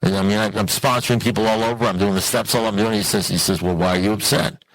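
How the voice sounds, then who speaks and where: A man telling a humorous personal recovery story to an audience in an animated, self-mocking way, often turning to the listeners with questions. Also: fast talker, no room sound, poor audio. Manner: animated, self-mocking, with sudden jumps in pitch; conversational, asks the audience questions. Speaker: recovery meeting speaker.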